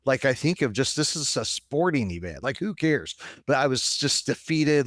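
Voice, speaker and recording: A man co-hosting a casual podcast, telling stories in an animated way that swings between excitement and deflation. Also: mid-range voice, normal speed, dry recording, clean studio sound. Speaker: podcast co-host. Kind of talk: casual conversational podcast chat.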